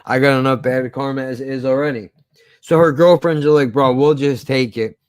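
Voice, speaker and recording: A man's voice: medium pitch, fairly quick, clean tone, dry recording. A man casually telling a story from his past, swearing often and acting out the argument. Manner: profane, animated retelling.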